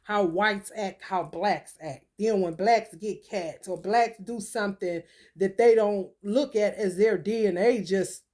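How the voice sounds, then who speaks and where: A woman's voice: medium pitch, unhurried, warm tone. A woman hosting a casual livestream and reading oracle cards. She swears freely, laughs often and talks straight to her viewers.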